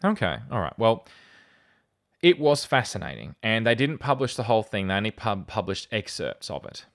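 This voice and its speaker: A fairly low-voiced man hosting a chatty podcast. He talks in a wry, animated way and reads out quoted lines with dry sarcasm. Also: moderate pace, vocal fry. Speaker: podcast host. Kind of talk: casual podcast chat.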